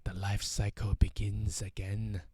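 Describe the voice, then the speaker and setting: Slow, deep-voiced man rambling through a story. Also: monotone, warm tone, slightly rough, no echo. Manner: rambling, many fillers and "right?" tags. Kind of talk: casual anecdote to camera.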